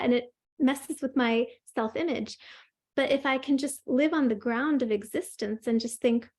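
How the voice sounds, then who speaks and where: A woman's voice: on the high side, darkish tone. A woman host and coach speaking earnestly and encouragingly in a flowing interview style. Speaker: host, somatic experiencing coach. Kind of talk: warm interview talk.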